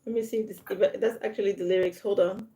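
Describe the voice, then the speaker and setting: A woman's voice: mid-range voice, fairly even intonation, fast, dark tone. A woman giving a live online English lesson, patiently modeling word stress and switching into French to explain. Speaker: English tutor.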